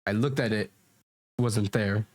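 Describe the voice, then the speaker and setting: A man's voice: on the low side, a little slow, no room sound. A man giving rambling, argumentative commentary while reacting to comments, with frequent restarts, into a desk mic at home. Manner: rambling, restarts and fillers, defensive. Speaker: commentary YouTuber.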